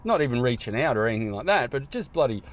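A man's voice: medium pitch, very animated, quick pace. An Australian man in his fifties, a comedian chatting casually, swearing freely and acting out voices as he tells stories. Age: 50s. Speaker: comedian guest. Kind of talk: casual chat. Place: car park.

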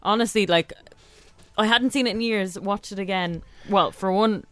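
A woman's voice: mid-range voice, moderate pace, fairly bright tone, no echo. A woman with an Irish accent co-hosting a radio show, chatting enthusiastically and reading out listener messages. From Ireland. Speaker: radio co-host. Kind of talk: casual chat.

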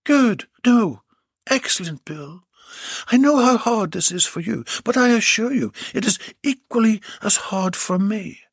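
Male reader doing a woman doctor: sultry, bossy, breathy and slow. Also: high voice, expressive, dry recording, clean studio sound, pitched above the performer's own voice, exaggerated voice. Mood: insistent. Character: commanding seductive woman doctor, middle-aged.

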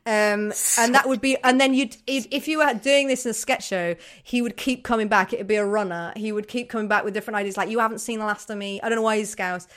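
Animated woman riffing comedy ideas. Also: mid-range voice, quick pace, hardly any pauses. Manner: animated, laughs often, voices characters. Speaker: co-host. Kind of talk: improvised comedy chat.

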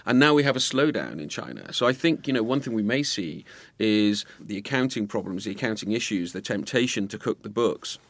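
A man, a journalist, talking in a measured way and often restarting his phrases. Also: fairly low pitch, animated, dry recording. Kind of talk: casual discussion.

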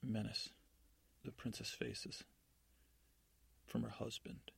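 A man voicing a sly, scheming female fairy godmother witch in a hushed bedtime story, coaxing and soft. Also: fairly low pitch, little pitch movement, slow pace, gravelly, slightly rough, no room sound, full character voice.

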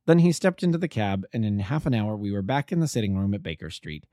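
A man's voice: lowish voice, lively intonation, dark tone, no echo, studio quality. Man reading a classic detective tale. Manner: measured storytelling, voices the characters. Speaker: amateur audiobook narrator.

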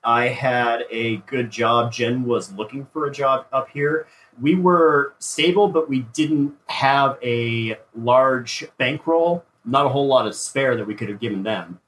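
A man calmly recounting his personal experience in an interview. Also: mid-range voice, measured pace, a little hiss or hum, poor audio.

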